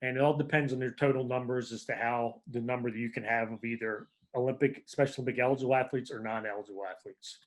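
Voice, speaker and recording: A special education teacher presenting to a school board over a video call, in a casual, rambling way. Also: male voice, mid-range voice, steady tone, fast, hardly any pauses.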